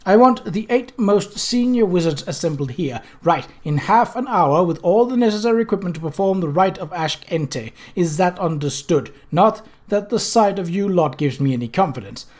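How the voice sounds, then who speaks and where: A reader voicing a gruff, irritable old male servant who gives short, bossy orders in an audiobook reading. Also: mid-range voice, animated, normal speed, hardly any pauses, a little mellow, close to an everyday voice. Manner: curt, bossy, snapping.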